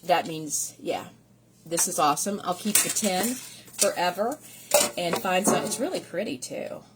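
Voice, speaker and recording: A woman's voice: fairly low pitch, expressive, measured pace, very noisy. A middle-aged woman, a third-grade teacher, chatting casually at home in a rambling, gushing vlog. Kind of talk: casual vlog chat showing gifts.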